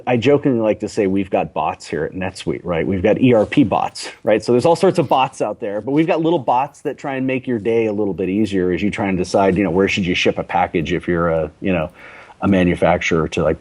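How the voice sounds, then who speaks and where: A man's voice: deep voice, a little fast, a little mellow. A middle-aged man, a company executive guest in a casual interview, chatty and often tagging on "you know" and "right?".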